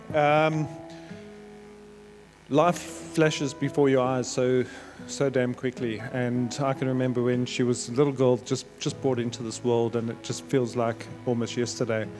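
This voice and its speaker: A middle-aged man giving a sentimental, halting wedding speech as father of the bride. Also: medium pitch. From South Africa. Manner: sentimental, storytelling with halting restarts. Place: wedding reception.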